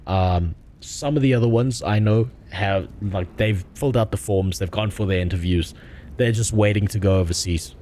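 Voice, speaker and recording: A man's voice: fairly low pitch, normal speed, dark tone, a little hiss or hum. A man streaming a game, reading the dialogue aloud and making crude, profane jokes. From South Africa. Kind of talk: casual gaming stream commentary.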